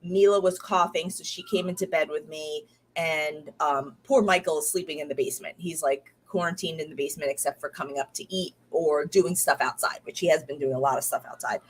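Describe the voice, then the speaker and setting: Woman, 30s, casual diary-style chat, rambling with fillers, tired from illness, lower pitch. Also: fairly even intonation, a little fast, husky. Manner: rambling, many fillers and restarts. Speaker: podcast host.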